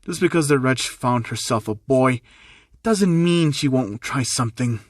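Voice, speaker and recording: A bitter, hostile father, put on by a male reader, spitting contempt in a mid-pitched voice. The recording is dry and close, with no room sound. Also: expressive, measured pace, no room sound. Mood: scornful. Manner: contemptuous, scornful.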